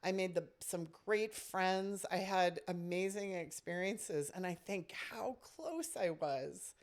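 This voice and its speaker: A woman's voice: lowish voice, expressive, slow. A woman who directs a summer camp, telling a personal story in casual podcast chat, reflective and full of "you know" fillers.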